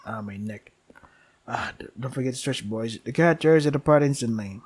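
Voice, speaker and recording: At a normal speed and in a husky voice, a man plays through a visual novel, reading its text aloud. Between lines he mutters dry, sarcastic asides in a soft, low tone, and he sighs often.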